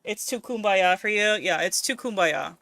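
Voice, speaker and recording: A woman's voice: mid-range voice, expressive, normal speed, a bit bright, no room sound. A woman streaming a game, ranting casually and swearing a lot in exasperation. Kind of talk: casual let's-play commentary.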